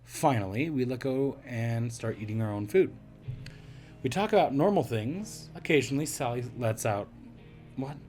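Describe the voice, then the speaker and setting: A hoarse man reading a visual novel aloud as a let's play narrator, with wry, self-deprecating asides. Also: mid-range voice, animated, moderate pace, darkish tone, soft background music.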